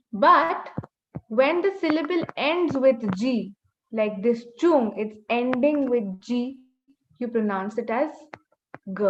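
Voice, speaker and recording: A woman teaching an online Mandarin lesson, slowly drilling pronunciation with repeated model words. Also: high-pitched, slight background noise. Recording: slightly dull webinar audio.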